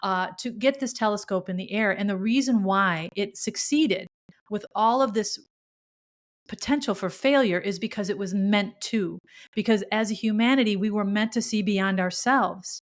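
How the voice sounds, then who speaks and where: Middle-aged woman, spiritual podcast host, earnest and heartfelt, mid-pitched voice. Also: normal speed. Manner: earnest and emotional, with frequent restarts. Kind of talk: spiritual monologue.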